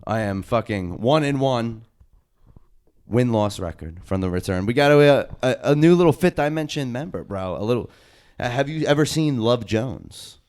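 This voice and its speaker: A young man, a podcast co-host and wrestler, telling stories in loose, excited, profane casual chat. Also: mid-range voice, moderate pace. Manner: loose, excited storytelling full of slang and swearing.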